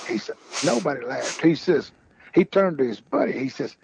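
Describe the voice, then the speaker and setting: Gravelly folksy man telling stories. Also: on the high side, big pitch swings, normal speed, a little mellow, dull audio, slight background noise. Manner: folksy, rambling, keeps repeating "he said". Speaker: podcast guest storyteller. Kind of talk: casual storytelling.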